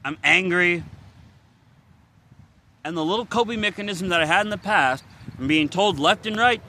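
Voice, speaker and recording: A man's voice: sits high, moderate pace, long pauses, pushed and bright, slight background noise. A young man venting in a confessional vlog, frustrated, weary and swearing bluntly as he talks. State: weary and worn out. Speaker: vlogger.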